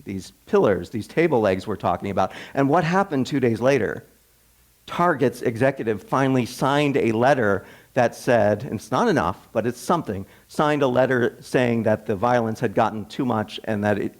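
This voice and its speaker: A minister delivers his sermon as a relaxed first-person story, talking in an easy, conversational way. He often stumbles, restarts and repeats words as he goes. His voice sits at an ordinary middle pitch for a man. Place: church sanctuary.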